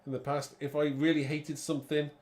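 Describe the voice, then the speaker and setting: A man's voice: fairly high pitch, little pitch movement, brisk, darkish tone. A man hosting a live card-making demo, chatty and rambling, thinking aloud and laughing at his own muddles.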